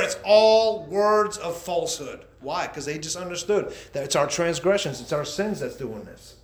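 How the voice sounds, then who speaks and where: Male pastor, high voice, fervent preaching that rises and drops, echoey church room. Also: expressive, normal speed, hardly any pauses. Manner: impassioned preaching that swings between loud and hushed. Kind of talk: sermon.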